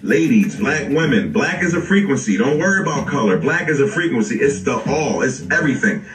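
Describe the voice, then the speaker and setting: A man's voice: mid-range voice, sing-song, fairly quick, a bit bright, distant mic, faint music behind. Lecturing man in a roomy echo. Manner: lecturing, urges listeners to understand. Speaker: co-host. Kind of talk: casual spiritual talk.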